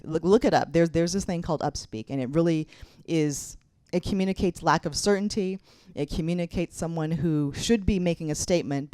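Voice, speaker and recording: A woman's voice: low-pitched, warm tone, dry recording, studio quality. A middle-aged woman giving a conference keynote as a mayor, speaking candidly and directly as she gives advice. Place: conference hall.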